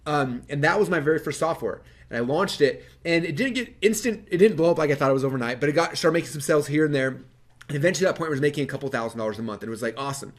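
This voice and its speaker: A man presenting a webinar, telling his story to a live audience in a lively, animated way with many fillers. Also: on the high side. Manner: energetic, animated, quick-talking with many fillers.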